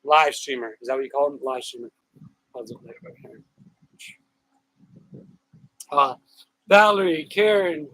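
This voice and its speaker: A man hosting a casual outdoor live stream, greeting viewers by name in a chatty, upbeat way with drawn-out shout-outs. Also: a little high, lively intonation, dry recording, low-quality recording. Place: outdoors on a hot day with a fan.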